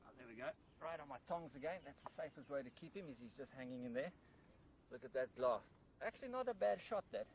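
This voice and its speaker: A man's voice: medium pitch, quick pace, slight background noise, poor audio. A man presenting a wildlife programme outdoors in farmland, enthusiastically explaining while he handles a snake.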